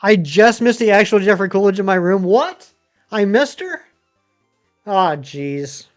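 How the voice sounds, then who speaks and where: High-voiced chatty man streaming. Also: expressive, unhurried, faint music behind. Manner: rambling, chatty, many ums and uhs. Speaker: game streamer. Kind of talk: casual live-stream chat answering viewers.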